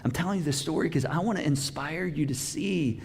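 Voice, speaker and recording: A man preaching a sermon as pastor, telling a personal story with lively acted-out dialogue. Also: on the high side, brisk, vocal fry, in a large hall, slight background noise. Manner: animated storytelling, acts out dialogue. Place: church auditorium.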